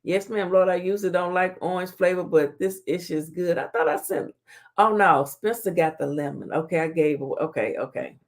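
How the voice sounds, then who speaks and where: A woman's voice: on the low side, normal speed. A woman hosting a casual live-stream talk show, reading comments aloud and trash-talking with a playful laugh. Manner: playful trash-talking, laughing, Southern slang like "child" and "honey".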